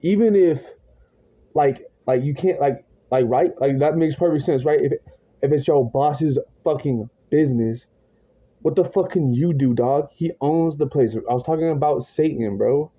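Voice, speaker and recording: A man's voice: fairly high pitch, normal speed. Agitated man ranting, lots of cursing. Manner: agitated, profane, rambling with slang asides. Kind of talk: ranting monologue to camera. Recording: dull lo-fi audio.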